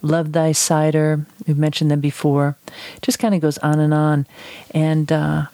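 A woman hosting a podcast in a casual chat, chatty and digressive, gushing warmly about people she likes. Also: low voice, level tone, a little slow, no echo. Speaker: podcast host.

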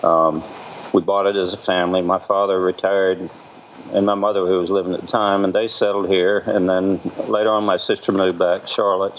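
A middle-aged man with a Southern American accent, a cider maker talking in a relaxed, rambling way as a guest on a video call. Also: sits low. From Virginia, USA. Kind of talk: casual interview over video call. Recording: dull call audio with faint noise.

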